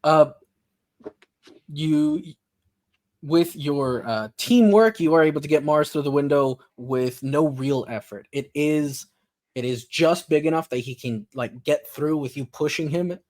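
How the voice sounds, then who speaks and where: A man narrating a tabletop role-playing game as game master, relaxed and halting, with many fillers. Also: a little high.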